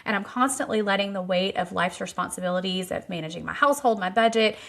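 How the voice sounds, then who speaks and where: A woman's voice: medium pitch, fast, creaky, fairly bright tone. Earnest, self-deprecating woman host. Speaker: podcast host. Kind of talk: casual interview chat.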